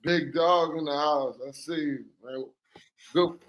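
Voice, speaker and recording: A man's voice: fairly high pitch, steady tone, unhurried, dull audio, a crowd in the background. A man calling in as a guest on a livestream, talking in a laid-back, boastful, joking way. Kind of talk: casual livestream banter.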